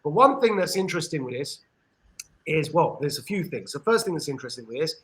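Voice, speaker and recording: A man with an English accent giving an earnest discussion monologue on a podcast, with frequent pauses and restarts. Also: fairly high pitch, very animated, fairly bright tone, rough recording. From England. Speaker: podcast panelist.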